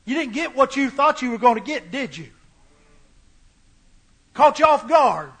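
A very high, tense male voice plays Jesus confronting a disciple, as a preacher puts him on. He probes with pointed questions, gently but insistently, in the middle of a sermon. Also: very animated, unhurried, breathy edge, exaggerated voice. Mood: probing.

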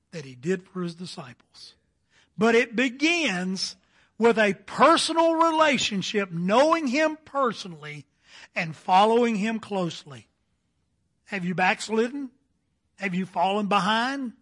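High-voiced man preaching a sermon. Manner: storytelling with slow emphatic phrases and quiet endings. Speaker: pastor.

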